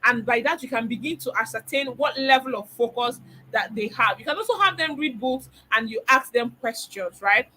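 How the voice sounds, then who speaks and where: Woman, bright tone, parenting coach, emphatic, repetitive, rhetorical questions. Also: a little high, animated, normal speed, slight background noise, rough recording. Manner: emphatic, repeats key phrases, asks rhetorical questions. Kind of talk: webinar teaching.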